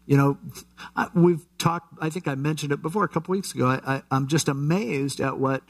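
A man preaching a conversational Bible-teaching sermon, relaxed and chatty, with asides and frequent restarts. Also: fairly high pitch, fairly quick, gravelly. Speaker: pastor.

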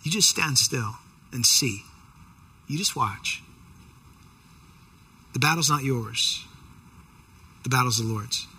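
A man preacher voicing God as a calm, reassuring Lord in a sermon. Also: mid-range voice, slow pace, long pauses, slight background noise, voice pushed down, exaggerated voice.

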